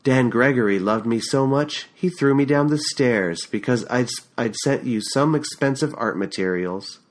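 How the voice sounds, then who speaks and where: A man reading an audiobook and voicing a bitter, scornful middle-aged woman who mocks and erupts into shouting, recorded on a USB condenser mic. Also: mid-range voice, moderate pace, lightly acted. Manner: sharp-tongued, mocking, erupts into shouting.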